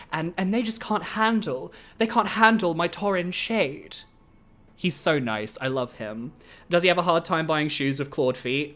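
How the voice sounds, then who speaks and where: Male streamer, casual gameplay commentary, excitable and foul-mouthed, rambling. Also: fairly high pitch. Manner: excitable, swears freely, rambling asides.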